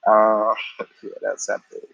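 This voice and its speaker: A man's voice: lowish voice, monotone, takes it slowly, gravelly, fairly bright tone, no echo, dull audio. A tired man in a casual episode recap after a work shift, slangy and profane, acting out the characters' lines as he retells the story. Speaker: show recap vlogger.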